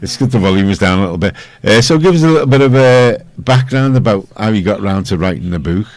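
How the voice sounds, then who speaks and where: Chatty Scouse radio host, low voice. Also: male voice, expressive, a little mellow, dry recording, rough recording. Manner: chatty, halting, many fillers. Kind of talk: casual studio interview. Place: radio studio.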